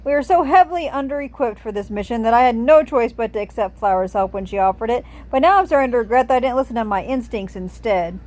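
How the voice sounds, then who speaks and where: A gruff male warrior who trusts no one, as a woman reads his part. He speaks bluntly and drips sarcasm, sometimes slowing down to drive a point home. A plain storybook reading voice. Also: a little high, animated, a little mellow, lightly acted. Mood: suspicious.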